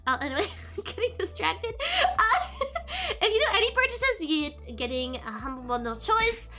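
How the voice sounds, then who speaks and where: High, lively, bright-voiced woman streamer. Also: normal speed. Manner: rambling, giggly, self-interrupting. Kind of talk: casual stream chat. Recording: faint background music.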